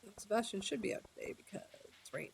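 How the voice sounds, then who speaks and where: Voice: medium pitch, expressive, rapid-fire, gravelly, slight background noise. A game streamer giving live commentary, muttering to themself while playing and now and then talking to chat.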